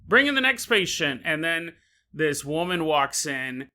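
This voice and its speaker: A man hosts a podcast and tells a story as a jokey monologue, laughing often. His voice is high and very bright, with a sharp edge. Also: big pitch swings, a little slow. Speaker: podcast host.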